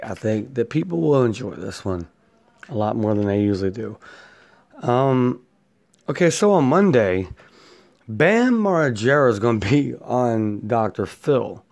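A man's voice: medium pitch, measured pace, creaky, dry recording. A man hosting his own show, delivering a profane, laughing rant. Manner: loud, swearing, laughing, animated ranting. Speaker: host.

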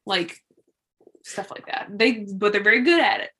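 A young woman co-hosting a casual chat about a TV show, musing out loud with lots of fillers and frequent laughs. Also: mid-range voice, normal speed. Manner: animated, musing, laughs often. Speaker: podcast co-host.

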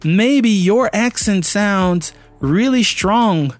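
A man in his thirties from Brazil with a Brazilian Portuguese accent, a native Portuguese speaker giving a casual, animated English pronunciation lesson and often asking the listener questions. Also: high voice, extremely slow, dry recording, faint music behind. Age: 30s. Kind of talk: casual spoken lesson to camera.

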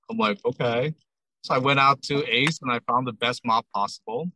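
At a moderate pace and medium pitch, a man who owns a ramen shop recounts a story in a relaxed interview. He animatedly plays out the quoted dialogue, peppering it with "I'm like," and the audio is low quality.

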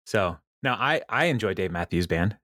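A man's voice: lowish voice, animated, normal speed, a bit bright, no room sound, clean studio sound. A man hosting a podcast, chatting casually and laughing often, with plenty of ums. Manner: laughs often, lots of ums, reads out quotes. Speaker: podcast host recapping episodes. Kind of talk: casual chat.

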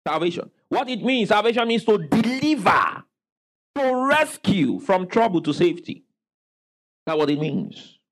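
A man's voice: high-pitched, sing-song, unhurried, a bit bright, low-quality recording. A man preaching a sermon as pastor, calling out questions for the congregation to answer and exclaiming praise.

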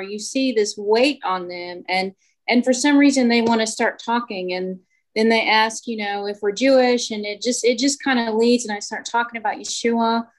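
Speak as an earnest woman, slightly high, sharing with the group. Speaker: study group member. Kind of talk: casual group discussion.

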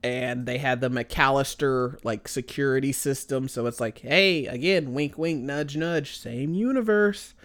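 A man co-hosting a casual movie review chat, rambling and animated, slipping into voices when he quotes characters. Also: medium pitch, unhurried, hardly any pauses. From American Midwest. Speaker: podcast co-host.

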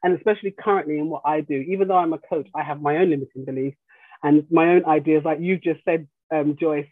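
A woman's voice: sits low, fairly even intonation, fast, no echo. A middle-aged grandmother and life coach chatting casually, telling family stories and laughing easily while mimicking relatives' voices. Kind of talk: casual podcast chat. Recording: tinny phone-like line.

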